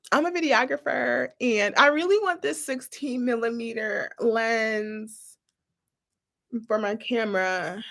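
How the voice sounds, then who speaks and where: A woman hosting a vlog in casual chat to camera, animated and sassy, often laughing. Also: mid-range voice. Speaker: vlog host.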